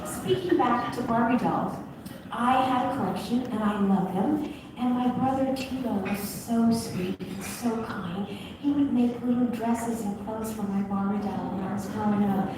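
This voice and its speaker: A woman on stage, talking warmly and emotionally about her family in a live conversation. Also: mid-range voice, measured pace. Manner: warm, gushing, emotional storytelling. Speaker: guest on stage. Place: large venue with audience. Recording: echoey hall from far off, noisy.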